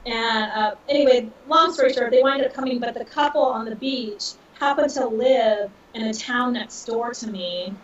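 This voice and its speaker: A woman in her thirties, a podcast guest, telling a personal story in an emotional, animated way with laughter. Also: a little high, moderate pace, hardly any pauses. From Southern California. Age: 30s. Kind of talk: casual storytelling. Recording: dull, distant, roomy audio.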